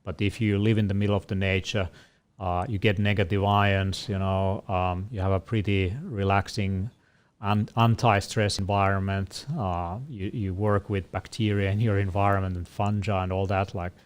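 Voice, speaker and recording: A man co-hosting a casual Q&A, explaining things in a measured way with frequent fillers. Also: low voice, flat delivery, clean tone. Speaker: co-host answering questions. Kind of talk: casual panel Q&A.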